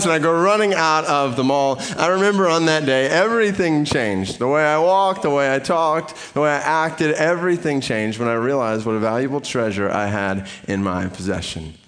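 Male preacher, middle-aged, storytelling sermon, mid-pitched voice. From Atlanta area, US. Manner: storytelling, animated retelling.

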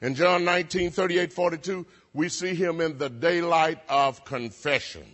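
A man's voice: on the high side, normal speed, fairly bright tone. A man preaching a sermon in a rhythmic call-and-response style, repeating phrases and calling the audience to answer back. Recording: long hall reverb.

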